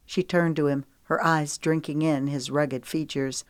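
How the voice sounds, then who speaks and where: Low, dry-voiced woman narrating a novel. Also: steady tone, a little slow, few pauses, smooth, no room sound. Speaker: audiobook narrator. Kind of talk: scripted narration.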